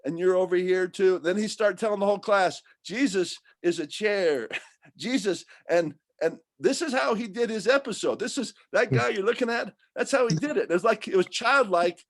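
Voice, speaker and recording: A man talking casually and at length about faith and art, rambling and animated, often restarting his sentences. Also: high-pitched, normal speed, no room sound.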